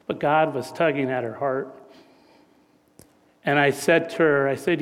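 A man's voice: a little high, measured pace, long pauses, a bit bright. A middle-aged man preaching a conversational sermon, telling family stories in a folksy way and often checking in with "right?". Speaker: pastor. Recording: long reverb of a large hall.

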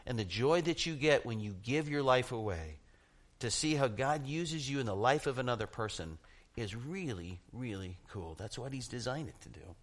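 Man, middle-aged pastor, lively sermon, jokey storyteller, laughs a lot. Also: mid-range voice, moderate pace. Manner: animated, self-mocking storyteller who laughs at his own jokes.

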